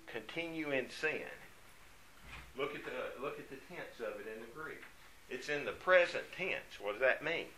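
A man's voice: medium pitch, bright, forceful tone, slight background noise, low-quality recording. A man preaching a sermon, emphatic, asking rhetorical questions and answering them himself.

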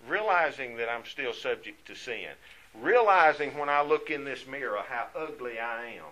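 A man's voice: medium pitch, sharp tone, poor audio. Earnest man teaching a Bible study. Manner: earnest, rises in volume when reading scripture.

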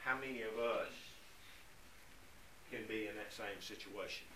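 A man teaching a Bible study class, earnest and conversational, growing louder when he reads scripture aloud. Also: lowish voice, fairly even intonation, a little slow, noisy background. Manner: earnest, rises in volume when reading scripture.

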